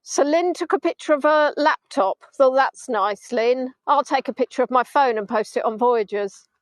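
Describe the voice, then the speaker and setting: High-voiced woman rambling on a live tour. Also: normal speed, no echo. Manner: rambling and self-mocking, with playful asides. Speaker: virtual tour guide. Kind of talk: chatty live tour commentary. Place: outdoors on a beach at sunset. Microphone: phone on a gimbal.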